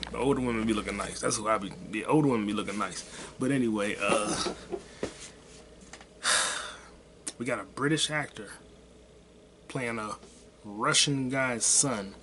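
A man's voice: mid-range voice, normal speed, pauses often, noisy background. Rambling, profane male podcast host. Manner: rambling, profane, offhand and self-deprecating. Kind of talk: casual solo podcast rant.

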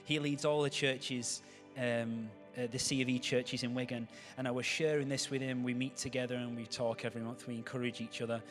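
A man's voice: medium pitch, little pitch movement, fairly quick, few pauses, a bit bright, soft background music. Chatty man preaching. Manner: chatty, joking asides to the congregation. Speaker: pastor. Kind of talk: sermon.

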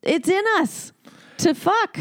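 A woman's voice: very high-pitched, lively intonation, slow pace. A woman hosting a podcast, chatting casually and bluntly, laughing often. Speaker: podcast host. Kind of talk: casual chat.

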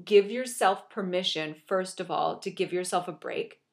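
A woman's voice: fairly low pitch, normal speed, vocal fry. Young woman talking straight to camera, earnest pep talk, repeats stuff for emphasis. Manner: earnest, encouraging, repetitive emphasis. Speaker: motivational speaker. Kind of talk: motivational monologue.

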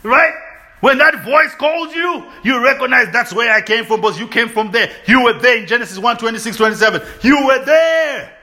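A man delivers a call-and-response sermon, repeatedly asking his listeners to agree, with bursts of shouting and laughter. His voice is very high-pitched and expressive, and he speaks at a normal speed.

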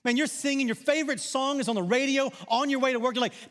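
A man from Arkansas with a Southern accent, preaching a sermon in a conversational style that swings between loud emphasis and quiet asides. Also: very high-pitched, fairly even intonation, fast talker, hardly any pauses. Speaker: pastor. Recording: long reverb of a large hall.

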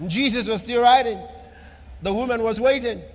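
A man preaching a sermon with an emphatic, repetitive cadence, swinging between loud declarations and soft asides. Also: very high-pitched, normal speed, big-room sound. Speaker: pastor.

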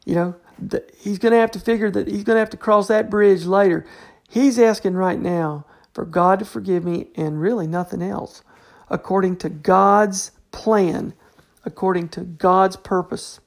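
A woman's voice: mid-range voice, steady tone, moderate pace, vocal fry. A woman giving an informal Bible study talk, conversational and full of restarts. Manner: conversational, fills with "you know", restarts often. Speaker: Bible teacher.

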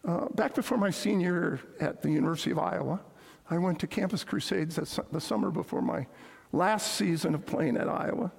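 Man, pastor, sermon, storytelling, raspy voice, long church reverb. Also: sits high, brisk. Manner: storytelling, repeats key points. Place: church sanctuary. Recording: echoey hall with long reverb.

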